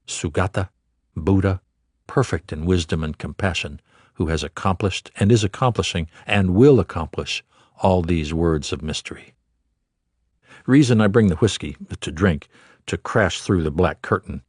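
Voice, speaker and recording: Male audiobook narrator, low voice, dry close-mic sound, measured rhythmic delivery of literary prose. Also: slightly rough, no room sound.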